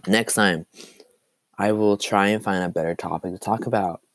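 A man's voice: low-pitched, steady tone, a little fast, no echo. A young man hosting a casual solo podcast, rambling and self-deprecating, his throat phlegmy from coughing. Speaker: podcast host.

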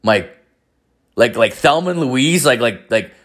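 A man's voice: medium pitch, expressive, unhurried, fairly bright tone. A man casually telling a story, rambling and swearing freely, with constant filler words. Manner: rambling, profane, filler-heavy.

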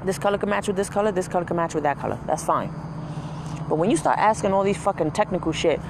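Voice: medium pitch, fast talker, background noise. A vlogger ranting casually about a frustrating workday, swearing freely and mocking customers in put-on voices. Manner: profane, animated storytelling with mocking quoted voices. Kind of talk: casual rant.

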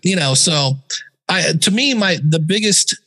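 A man as a podcast guest, telling stories in a casual, animated way and sometimes mimicking other voices. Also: high voice, measured pace, breathy edge. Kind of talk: casual interview talk.

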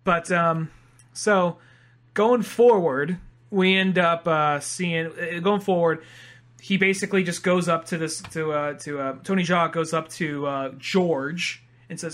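A man's voice: on the high side, fairly quick, a bit bright. A young man co-hosting a podcast, chatting casually and rambling through a movie recap. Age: young adult. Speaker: podcast co-host. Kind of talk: casual chat.

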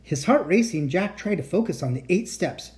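A woman reading a children's chapter book aloud as a bedtime story, with lively storytelling. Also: normal speed. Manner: lively storytelling, raising pitch for shouted lines. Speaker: reader.

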